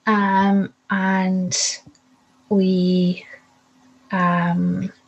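A woman's voice: medium pitch, monotone, drawn-out words, creaky, slightly rough, lo-fi sound. A young woman telling a personal story in a vivid way, acting out the voices of the people in it.

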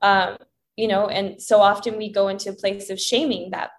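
Woman, guest, spiritual chat, earnest, preachy, mid pitch. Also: steady tone, moderate pace, vocal fry. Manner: earnest, preachy, acts out inner dialogue.

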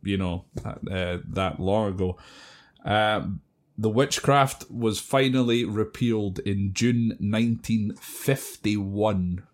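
A man with a lowish voice chats on a podcast. He wanders through his points and hedges with filler words as he goes. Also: takes it slowly. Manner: rambling, hedging with "kind of" and "basically". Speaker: podcast co-host. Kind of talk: casual chat.

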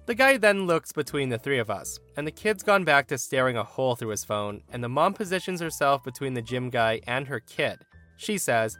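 A man reading a forum story aloud in an animated storytelling manner. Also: medium pitch, moderate pace, soft background music. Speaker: story narrator.

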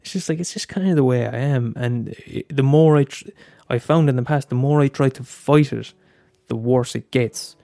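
A young Irishman hosts his own casual solo podcast, relaxed and open, swearing often and stumbling into stammered restarts. His middle-pitched voice has vocal fry and moves at normal speed with few pauses, recorded close and dry with no room sound.

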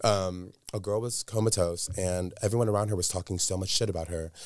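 This is a man with a low voice, speaking as the guest in an interview. He tells a candid personal story with earnest emphasis and often repeats words to drive a point home. The sound is dry and close, with no room around it. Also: steady tone, brisk, no room sound.

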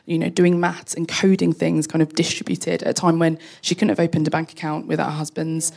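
Woman, quick speech, gravelly, lowish voice, lively storytelling. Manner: brisk, animated storytelling. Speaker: guest, runs girls' coding events. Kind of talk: live podcast panel chat. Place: live stage before an audience.

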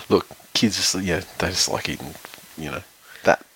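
A man's voice: low voice, animated, measured pace, fairly bright tone, breathy edge. A man chatting casually about football, rambling and swearing a lot and laughing often. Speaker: podcast co-host. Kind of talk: casual sports chat.

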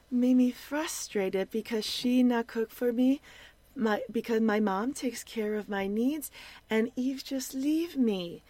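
A woman mimicking a whiny grown man who talks like a baby, in broken grammar and a high, babyish voice. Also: dark tone, dry recording.

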